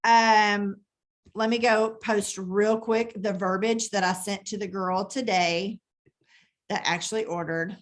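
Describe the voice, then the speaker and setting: A woman giving a chatty, animated live training talk on her phone, thinking aloud as she types. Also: mid-range voice, slow. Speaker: direct sales team leader.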